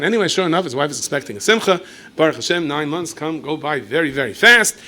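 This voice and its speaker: Animated storytelling rabbi, bright voice. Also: male voice, on the high side, brisk. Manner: animated, lapses into playful asides and acted dialogue. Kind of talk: storytelling lecture.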